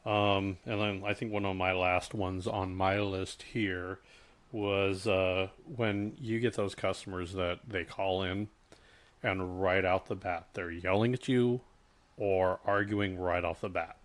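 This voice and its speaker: A man's voice: deep voice, level tone. A man co-hosting a podcast, chatting casually about customer service and often restarting his sentences. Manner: halting, many restarts, speaks from work experience. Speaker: podcast co-host. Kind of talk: casual chat.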